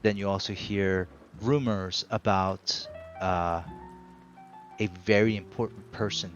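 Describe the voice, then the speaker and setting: A man's voice: sits low, fairly even intonation, takes it slowly, lo-fi sound, soft background music. A man narrating a tabletop game as game master, hesitant with fillers and often laughing.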